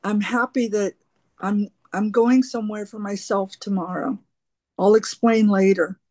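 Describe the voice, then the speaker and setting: A woman speaks slowly and haltingly, repeating her words as she shares her recovery story at a twelve-step meeting. Her tone is earnest and open, and the recording is dry and close with almost no room sound. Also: mid-range voice, fairly even intonation, a little mellow, dry recording.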